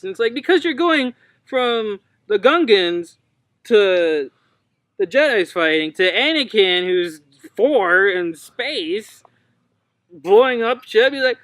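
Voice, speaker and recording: A man co-hosting a casual chat, animated and acting out quotes in mocking voices. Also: high-pitched, slow pace, dry recording.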